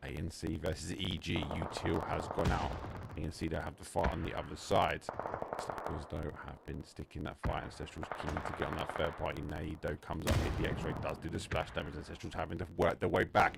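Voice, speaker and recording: Deep gravelly man with an Essex accent. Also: heavy background noise. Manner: rapid shifts between calm calling and excited bursts. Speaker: esports caster. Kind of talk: live play-by-play game commentary. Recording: game gunfire under the voice. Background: in-game gunshots and explosions.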